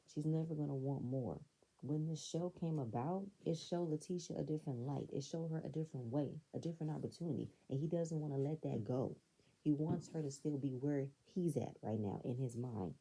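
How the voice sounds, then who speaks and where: A woman with a low, husky voice talks through a reality show episode in a loose, chatty vlog review. Her tone is dark and mellow, and she packs her opinions with lots of "like" and "you know.". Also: low-quality recording. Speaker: reality TV reviewer, channel host. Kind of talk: casual commentary vlog.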